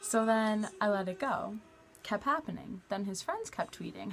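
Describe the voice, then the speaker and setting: A young woman vlogging in a casual, chatty way, blunt and quick to swear. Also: medium pitch, animated, faint music behind, low-quality recording. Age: young adult. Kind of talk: casual vlog talk to camera.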